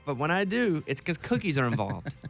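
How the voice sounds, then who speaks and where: A man's voice: a little high, sing-song, brisk, creaky, soft background music. A man from Arkansas with a Southern accent, hosting casual morning radio banter in a studio and leading the group game. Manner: upbeat, leads the game. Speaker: radio show host.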